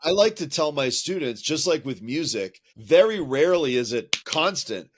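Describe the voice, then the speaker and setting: A man's voice: a little high, very animated, normal speed, background noise. A man, a teacher and podcast co-host, chatting casually and explaining things patiently, sometimes tapping out rhythms aloud. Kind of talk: casual chat.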